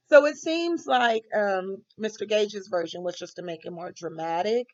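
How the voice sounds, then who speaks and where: A woman's voice: mid-range voice, moderate pace, few pauses, dull audio. A woman student recording a class reflection, talking hesitantly with many ums.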